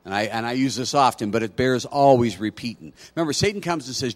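A man preaching a sermon, telling a personal story in a conversational way and building to loud, emphatic preaching. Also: medium pitch, expressive, quick pace. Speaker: pastor.

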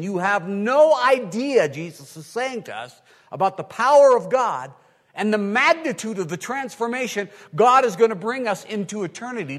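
Animated male pastor preaching in a hall. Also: high-pitched. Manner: animated preaching, swinging from quiet to loud, plays out listeners' voices. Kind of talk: sermon. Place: large hall with an audience. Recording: long hall reverb.

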